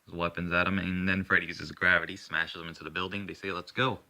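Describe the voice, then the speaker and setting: Low-pitched man with a very bright, forceful tone, rambling loosely through an improvised story. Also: level tone, fast talker, gravelly. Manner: rambling, swears, restarts and self-corrections. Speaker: storyteller narrating his own hero story. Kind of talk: casual improvised narration.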